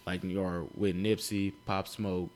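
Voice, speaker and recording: Hesitant, low-voiced young man. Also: little pitch movement, a crowd in the background. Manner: halting, hedging talk full of fillers. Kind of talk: casual chat.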